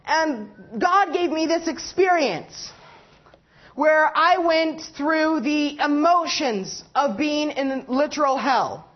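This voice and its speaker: A young woman tells her personal testimony in a rambling, halting way, correcting herself and leaning on fillers. Her voice sits fairly high. The recording is dull and lo-fi. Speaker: lay preacher giving testimony.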